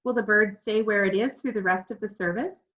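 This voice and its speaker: A woman voicing a kindly, composed middle-aged male pastor who speaks in a warm, measured preaching tone. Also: mid-range voice, close to an everyday voice. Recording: slightly dull lo-fi recording.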